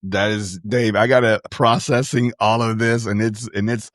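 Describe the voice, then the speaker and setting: A man's voice: fairly low pitch, flat delivery, moderate pace, dry recording, studio quality. A man hosting a podcast, reacting with enthusiastic interjections to his guest. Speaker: podcast host. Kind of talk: casual interview talk.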